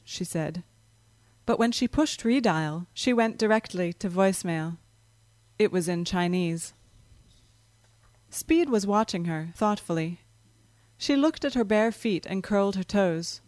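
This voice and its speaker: A woman narrating a story in a calm, measured reading voice. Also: medium pitch, no echo.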